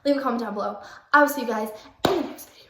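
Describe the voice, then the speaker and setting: A woman's voice: a little high, racing, bright, forceful tone, slight background noise. A young woman vlogger, giggly and full of fillers, casually reading aloud and retelling a story. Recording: echoey room.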